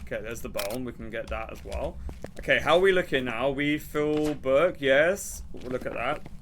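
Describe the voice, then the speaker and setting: A young man streaming a game, rambling and laughing as he plays, now and then shouting. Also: mid-range voice, normal speed, slight background noise. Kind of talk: casual gameplay commentary.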